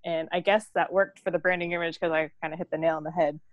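A woman's voice: on the low side, fairly even intonation, fast, no room sound, muffled recording. A woman in casual conversation, chatty and laughing, with lots of fillers and restarts. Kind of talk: casual chat.

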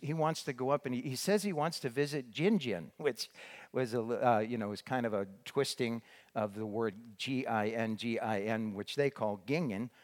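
Older man telling a mission story. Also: mid-range voice. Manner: rambling with many restarts and fillers. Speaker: former missionary. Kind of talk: storytelling talk.

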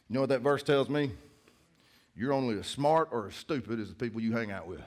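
A man's voice: medium pitch, brisk, a little mellow. Pastor guy preaching in church, chatty and jokey, regular middle voice. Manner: conversational, joking storyteller. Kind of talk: sermon.

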